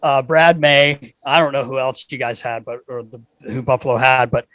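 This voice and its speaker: A middle-aged man co-hosting a podcast, telling an animated story, acting out voices and swearing freely. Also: mid-range voice, moderate pace, no echo. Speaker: podcast co-host.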